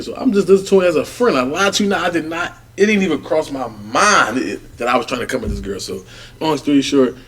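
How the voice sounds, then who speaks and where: A man, co-hosting a podcast and telling a long, profane story in casual chat, animated and acting out other people's voices. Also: mid-range voice, breathy edge. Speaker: podcast co-host.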